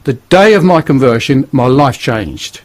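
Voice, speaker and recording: A man's voice: mid-range voice, animated, a little slow. An older man with a northern English accent, telling his life story bluntly and earnestly as a radio guest. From northern England. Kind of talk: testimony on radio.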